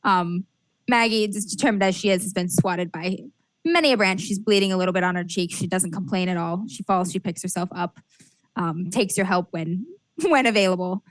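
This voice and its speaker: A woman's voice: lowish voice, moderate pace, no echo. Woman game master narrating, dry close sound. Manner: descriptive, hesitant with fillers.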